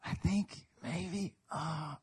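A man's voice: a little high, extremely slow, a little mellow, husky. A male pastor preaching a sermon at a church service, emphatic and building in intensity, acting out little quoted voices.

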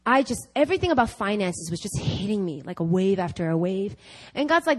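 A woman preaching a conversational sermon, telling a personal story with laughs and lively asides. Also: medium pitch, fairly quick, hardly any pauses, low-quality recording. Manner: animated, laughing, chatty with fillers. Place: church service.

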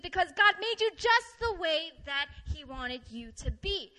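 A young adult woman giving a sermon, telling stories and acting out her own complaints in an animated way. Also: extremely high pitch, normal speed, few pauses, rough recording. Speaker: preacher.

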